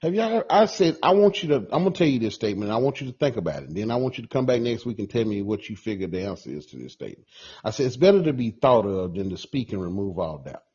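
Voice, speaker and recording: A man's voice: lowish voice, big pitch swings, quick pace, a little mellow, breathy edge. A man, a bus driver, chatting casually and repeating himself for emphasis. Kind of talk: casual chat. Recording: dull, lo-fi sound.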